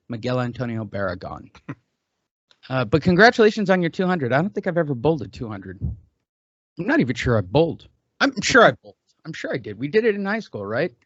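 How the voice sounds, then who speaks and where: A man's voice: fairly high pitch, dry recording. A middle-aged man hosting a podcast, joking and rambling in casual chat. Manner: rambling, joking, laughs often. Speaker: podcast host. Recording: dull lo-fi dry recording.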